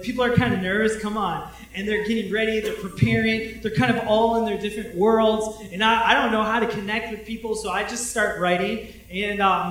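A male pastor telling a story in a sermon, animated, breaking into shouts and acting out quotes from a stage. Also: sits high, far from the mic. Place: large echoey hall, speaking from a stage. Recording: echoey hall, voice from off-mic.

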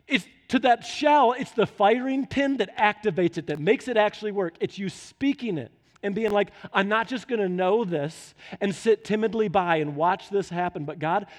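A man with a notably high voice preaches from the pulpit of a church. He moves from relaxed storytelling to fervent, urgent exhortation. His words ring out with a long hall reverb around them. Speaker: pastor. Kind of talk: sermon.

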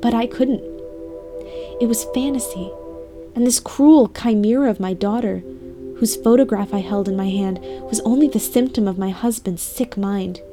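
A woman's voice: medium pitch, normal speed. A woman narrating a scripted first-person story with an emotional, dramatic delivery. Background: music bed.

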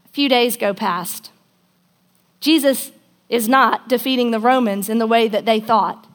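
Brief: woman preacher with a fairly high voice, conversational storyteller, acts out the quotes in her sermon. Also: a little slow.

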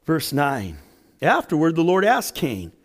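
A man preaching a sermon as pastor, dramatic, swinging between loud emphasis and hushed lines. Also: fairly high pitch, wildly swooping pitch, unhurried.

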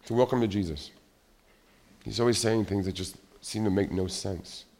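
Male pastor, middle-aged, low voice; casual animated sermon that slips into acted-out asides. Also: moderate pace. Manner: animated, conversational, acts out little scenes.

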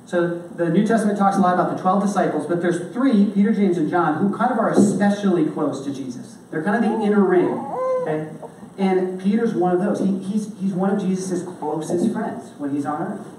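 A preacher talks through a sermon in a loose, everyday way, pausing to check in with "okay?". The voice sits some way from the mic in a very echoey hall. A faint hiss runs underneath. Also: mid-range voice, warm tone, distant mic. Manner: casual, checks in with the listeners by asking "okay?". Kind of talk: conversational sermon.

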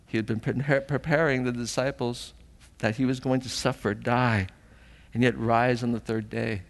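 A man's voice: mid-range voice, steady tone, moderate pace, vocal fry, in a large hall. A man preaching a sermon as pastor, earnest and emotional, often asking the congregation questions, at times tearful.

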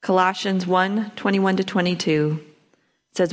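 A woman's voice: lowish voice, slow pace, gravelly, a bit bright. A woman giving a church sermon, reading scripture aloud and then explaining it in plain everyday words with frequent ums. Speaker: lay speaker.

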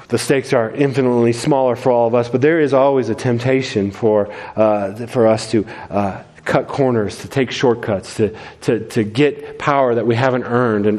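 A man's voice: medium pitch, a little mellow. A man preaching a sermon as pastor, earnest and full of restarts. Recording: long hall reverb.

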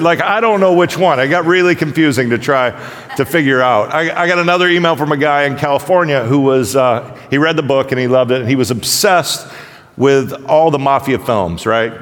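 Joking pastor in a reverberant hall. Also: male voice, medium pitch, brisk. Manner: conversational, joking, animated storytelling. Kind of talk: casual humorous sermon.

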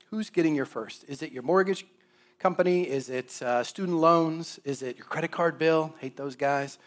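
A man preaching in an easygoing, storytelling way, his voice sitting a little high. He talks to the congregation like friends and turns loud and animated when he plays out his own reactions. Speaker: pastor. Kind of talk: sermon.

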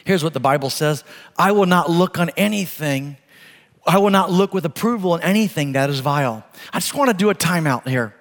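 A middle-aged male pastor preaching a sermon, moving between emphatic exhortation and soft, chatty storytelling. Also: a little high, lively intonation, fairly quick, in a large hall.

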